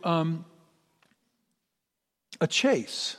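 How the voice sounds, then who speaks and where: A man's voice: medium pitch, measured pace. Middle-aged male pastor preaching in a reverberant hall. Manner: earnest, building to emphatic peaks. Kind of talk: sermon. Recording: long reverb of a large hall.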